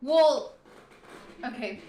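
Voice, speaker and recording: A woman, a podcast guest, explaining things in relaxed casual chat with fillers. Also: high voice, extremely slow. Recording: echoey room.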